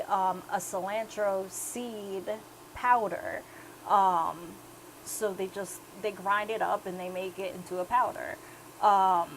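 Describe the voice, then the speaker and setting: A woman's voice: mid-range voice, low-quality recording. A young woman cooking in her home kitchen, chatting casually and explaining each step as she goes. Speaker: home cook.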